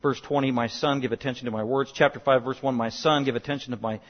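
A pastor preaching a sermon, pleading and swinging between quiet explanation and loud, urgent bursts. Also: male voice, medium pitch, fairly even intonation, quick pace, in a large hall. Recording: dull lo-fi sound.

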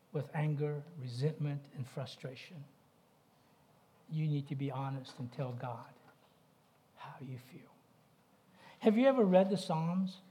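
A man's voice: on the high side, mellow. A middle-aged man preaching a sermon, talking conversationally and asking the congregation questions. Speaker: pastor.

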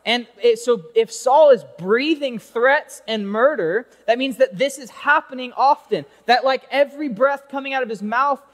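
A man preaches a lively, conversational sermon, recounting a Bible story and throwing rhetorical questions at his listeners. His voice is extremely high-pitched, at a moderate pace with few pauses, and the reverb has a long tail.

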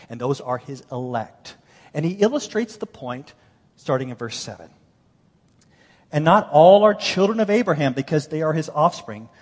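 A man preaching a sermon, reading scripture aloud and explaining it with animated emphasis that swings between loud and hushed. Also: a little high. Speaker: pastor. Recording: long hall reverb.

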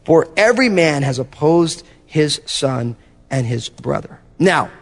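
High-voiced man preaching a sermon. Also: a little slow, vocal fry, big-room sound. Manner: animated storytelling with acted-out asides. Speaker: pastor.

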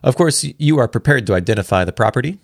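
A man reading aloud the lines of a shrewd, composed French gentleman detective in a storybook reading, measured and courteous. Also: medium pitch, lively intonation, gravelly, no room sound, clean studio sound, pitched above the performer's own voice.

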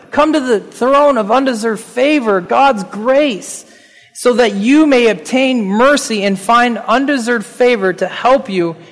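A man preaching a sermon as pastor, reading scripture aloud and slowing down on the key verses in an earnest way. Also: sits high, big-room sound.

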